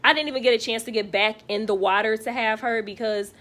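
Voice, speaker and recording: Young woman vlogger, casual storytime, candid and profane, slightly high voice. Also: fairly even intonation, quick pace, a bit bright. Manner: candid, swears freely, many fillers.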